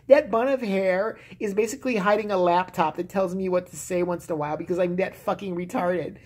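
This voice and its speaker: A man's voice: sits high, brisk, hardly any pauses, a little mellow. A man delivering a vulgar, heated, mocking solo rant to camera. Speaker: vlogger.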